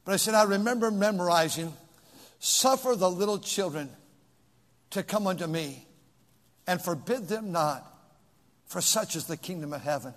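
An older male preacher with a strikingly high voice delivers his sermon. He drops to a hushed storytelling tone and then rises to shouted, repeated pleading questions. His voice rings with a long reverb, as in a large hall. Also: animated, moderate pace, pauses often.

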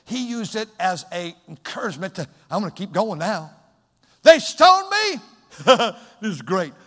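A man preaching a fiery sermon as pastor, moving from hushed storytelling to shouted exhortation. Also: high-pitched, expressive, moderate pace, breathy edge, in a large hall.

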